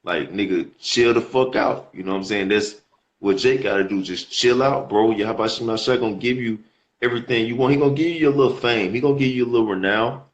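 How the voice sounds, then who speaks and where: A man's voice: medium pitch, quick pace, lo-fi sound. A man preaching casually over scripture readings in a slangy way, often repeating words as he goes.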